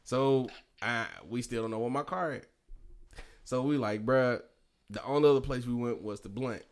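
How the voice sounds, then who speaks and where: A man spins a wild night-out story for his podcast co-hosts, laughing through it and acting out what everyone said. His talk is loose, profane and animated, the easy back-and-forth of friends around a table. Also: mid-range voice, normal speed, clean tone. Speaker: podcast co-host. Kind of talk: casual storytelling among friends.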